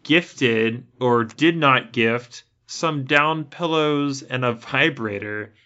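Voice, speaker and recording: Man, comedy podcast co-host, bright voice, rambling jokes, slightly muffled audio. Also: medium pitch, takes it slowly. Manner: joking, rambling, self-interrupting. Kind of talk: comedic casual chat.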